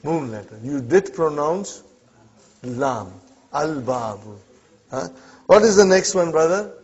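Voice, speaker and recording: A man's voice: on the high side, expressive, unhurried, darkish tone, husky. A man teaching an Arabic class, quizzing students with short "huh?" prompts and explaining each example. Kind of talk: classroom lesson. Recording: dull lo-fi classroom recording.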